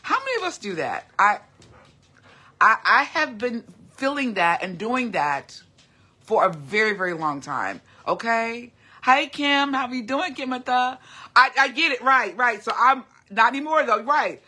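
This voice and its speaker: A middle-aged woman talks straight to her viewers in a heartfelt livestream, earnest and encouraging. Her voice is bright and forward, with a husky, breathy edge. She doubles back on her words and restarts her sentences as she goes. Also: on the high side, animated, measured pace. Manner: earnest and encouraging, often repeats herself and restarts. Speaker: host of a motivational live video. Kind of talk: casual heartfelt livestream talk.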